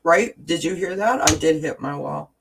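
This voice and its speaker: A woman's voice: deep voice, animated, moderate pace, background noise. A woman hosting a casual livestream, reading viewer comments and talking through self-help ideas with frequent restarts and tag questions.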